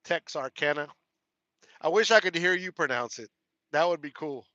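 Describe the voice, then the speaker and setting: A man's voice: on the high side, lively intonation, moderate pace, sharp tone, no echo, dull audio. A man with a Texas country twang hosting a casual live stream from his truck cab, reading viewer comments, laughing often and repeating his thanks. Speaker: trucker livestream host.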